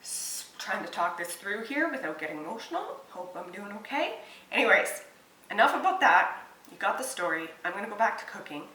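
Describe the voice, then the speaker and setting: A woman's voice: medium pitch, sing-song, brisk, sharp tone, echoey room, recorded from a distance, rough recording. A woman in her thirties, a home cook and mother, talking through her cooking in a chatty, earnest vlog with lots of fillers. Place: home kitchen and backyard grill.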